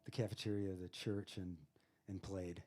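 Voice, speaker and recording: A man with a lowish voice spins a loose, chuckling road story for a live crowd. He rambles through his anecdotes with plenty of fillers, casual and unhurried. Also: little pitch movement, dark tone. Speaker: singer-songwriter guest.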